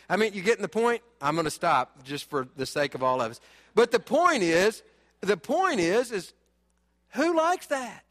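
A male pastor with a drawl delivers an animated sermon. His voice sits high, and he swings from loud exhortation down to hushed asides. The sound rings with the long reverb of a large hall. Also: normal speed.

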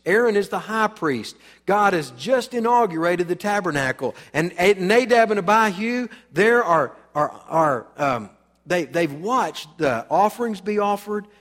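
A man preaching a sermon in a church, dramatic and emphatic, acting out the voices he quotes and swinging from loud to soft. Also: high voice, in a large hall. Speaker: pastor. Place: church sanctuary.

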